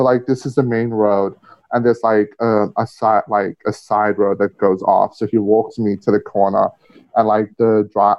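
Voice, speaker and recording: Candid low-voiced man telling stories. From Australia. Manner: candid storytelling, frequent fillers and swearing. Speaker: podcast guest. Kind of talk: casual conversation. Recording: muffled lo-fi audio.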